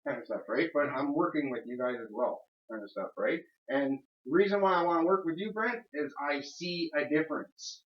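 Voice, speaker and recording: A man's voice: fairly high pitch, brisk, echoey room, muffled recording. A man, a tenant, rambling and swearing as he airs complaints, repeatedly asking "you know what I mean". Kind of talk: heated casual conversation. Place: apartment, indoors.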